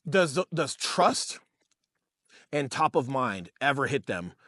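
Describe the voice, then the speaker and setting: Animated profane man telling stories. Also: medium pitch, slow pace, dry recording, clean studio sound. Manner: animated, profane, calls listeners bro and dude. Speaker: podcast co-host and real estate agent. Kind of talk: casual storytelling chat.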